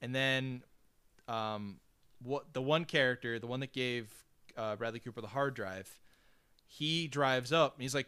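Bright, smooth-voiced man recapping a film. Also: medium pitch, unhurried, dry recording, studio quality. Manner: rambling retelling with many fillers. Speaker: podcast co-host. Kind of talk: casual movie recap chat.

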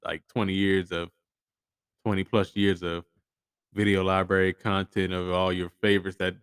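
A man speaks in a low, smooth, resonant voice. He hosts a casual solo podcast, blunt and profane, often stammering and restarting his sentences. The sound is dry and close to the mic. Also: no room sound. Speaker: podcast host.

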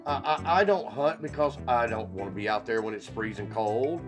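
A man's voice: lowish voice, expressive, brisk, music in the background. A man co-hosting a podcast in casual banter, blunt and opinionated, often stumbling over restarts. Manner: blunt and opinionated, repeats "you know what", stammers on restarts. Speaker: podcast co-host.

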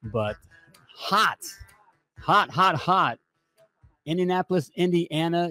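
A man hosting a live talk show from a studio. He talks in an energetic, chatty way and keeps tacking "all right?" onto his lines. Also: mid-range voice, dry recording. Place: home studio.

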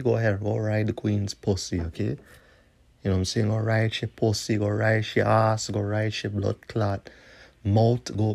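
Podcast host, male, deep and dark, confrontational and profane. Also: creaky. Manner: profane, confrontational ranting with repeated tag questions. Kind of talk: solo podcast rant.

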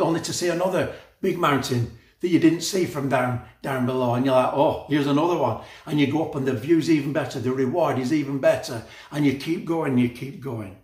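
Man, passionate sermon, laughs often, reverberant hall sound. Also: mid-range voice. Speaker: preacher.

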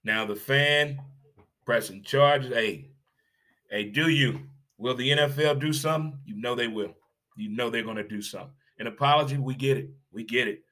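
A man's voice: medium pitch, moderate pace. Emphatic man ranting about sports. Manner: animated, emphatic and repetitive, with rhetorical questions; blunt, swears casually. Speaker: sports commentator. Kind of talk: opinionated sports rant.

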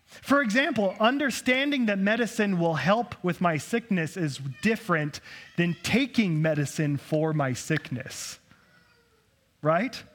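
Higher-voiced pastor giving a casual sermon. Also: male voice, expressive, measured pace, a bit bright. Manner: conversational, self-deprecating, rhetorical questions.

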